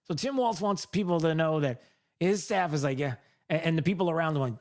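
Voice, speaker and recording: A man's voice: a little high, fairly quick. A male host giving sarcastic, mocking political commentary on a microphone.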